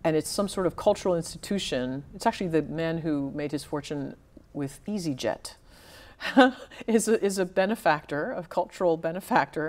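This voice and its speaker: A woman with a notably low voice talks about her writing in a relaxed interview. She is reflective and unhurried in thought, pausing and restarting as she searches for the right words, with a grounded conversational delivery. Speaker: novelist guest.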